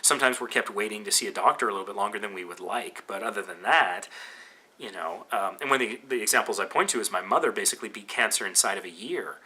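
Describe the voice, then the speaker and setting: Bright-toned Canadian man, rambling podcast talk. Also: on the low side, lively intonation, quick pace, slightly rough. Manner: rambling, conversational with frequent fillers and restarts. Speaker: podcast host. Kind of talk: casual podcast monologue.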